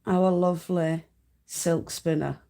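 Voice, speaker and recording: A woman with a Yorkshire accent, from North Yorkshire in England, hosts a live stream full of chatty, homely spinning tips and frequent laughter. She takes it slowly, her fairly low voice gravelly and warm with fairly even intonation.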